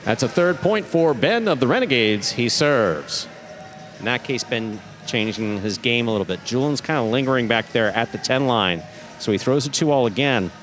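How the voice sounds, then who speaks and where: A man calling live play-by-play, his voice leaping up on exciting plays and settling back to explain them. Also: medium pitch, normal speed, soft background music. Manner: animated, voice jumps up on exciting plays. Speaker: play-by-play commentator. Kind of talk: live sports commentary.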